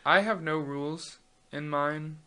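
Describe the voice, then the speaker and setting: A man's voice: a little high, measured pace, clean tone. A man in his twenties hosting a casual chat, rambling with lots of fillers and restarts and telling stories with animation. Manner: chatty, many fillers and restarts, animated storytelling. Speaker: host.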